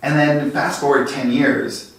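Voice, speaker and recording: A man's voice: medium pitch, gravelly. Man telling stories in an echoey room. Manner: lively anecdotes with quick bursts. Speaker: guest, design executive. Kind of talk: conversational storytelling. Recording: very echoey room, distant mic.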